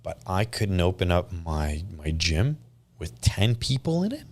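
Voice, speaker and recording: His voice sits low and moves a little slowly. He's a Canadian podcast guest in his thirties, spinning animated stories in relaxed conversation and acting out what people said.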